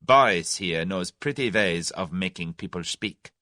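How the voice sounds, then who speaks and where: Brief: man reading German ringleader, deep, menacing, dry close recording. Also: measured pace, no room sound, exaggerated voice. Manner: menacing, then excitable and baffled. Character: blustering German conspiracy leader, middle-aged man.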